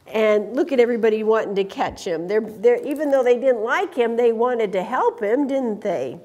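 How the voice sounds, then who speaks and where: A woman reading a picture book aloud to children in an animated way, stopping to ask them questions. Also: a little high, moderate pace, hardly any pauses. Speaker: storytime reader.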